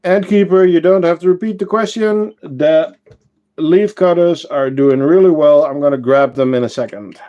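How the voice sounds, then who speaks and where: A man hosting a casual livestream, chatting with viewers and answering their comments, unhurried and full of fillers and self-corrections. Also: a little high, mellow, dull audio. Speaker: ant-keeping channel host and shop owner.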